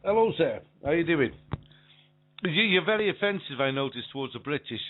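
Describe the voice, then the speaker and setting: A man's voice: fairly high pitch, expressive, fairly quick. Indignant Welsh man on a phone line. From Wales. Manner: indignant, stumbling over words. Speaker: caller. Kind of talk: call-in radio talk.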